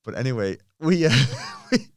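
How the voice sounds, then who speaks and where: A man in his thirties telling a lively gym story in casual chat, swearing freely and acting out what people said. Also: medium pitch, moderate pace, no echo, studio quality. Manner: animated, swears often, acts out quotes. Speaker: podcast guest, bodybuilder.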